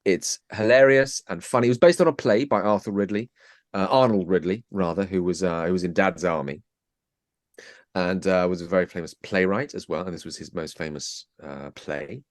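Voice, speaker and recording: A man talking as a guest on a podcast, chatty and self-mocking, dropping into quick impressions. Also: sits low, fairly even intonation, no echo, studio quality. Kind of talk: casual chat.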